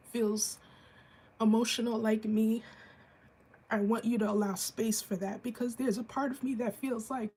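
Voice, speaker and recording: A woman's voice: mid-range voice, darkish tone, husky. A woman vlogger and mother telling an emotional personal story to camera, earnest and candid, in a chatty way full of fillers. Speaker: vlogger and mother of an autistic child.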